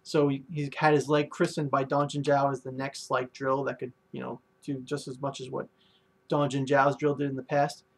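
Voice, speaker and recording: A man's voice: medium pitch, level tone, normal speed. A man reviewing a manga chapter in a casual, rambling way, full of ums and likes.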